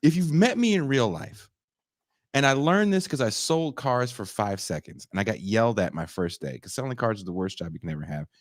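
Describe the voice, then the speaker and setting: Animated, profane young man podcasting. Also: medium pitch, a little fast, no room sound. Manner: animated, profane storytelling with laughter and put-on voices. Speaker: podcast co-host. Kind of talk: casual podcast banter.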